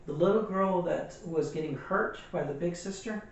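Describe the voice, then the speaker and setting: A man's voice: high-pitched, moderate pace, heavy reverb, distant mic, lo-fi sound, slight background noise. A man co-hosting a casual movie review, recapping the plot in a rambling way with many fillers and restarts. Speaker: podcast co-host.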